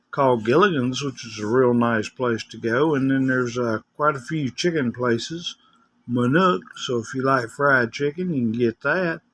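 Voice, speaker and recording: A man's voice: medium pitch, fairly bright tone, a little hiss or hum. An older man with a West Tennessee accent, chatting casually in a rambling, folksy vlog. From West Tennessee, USA. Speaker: vlogger. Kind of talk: casual chat.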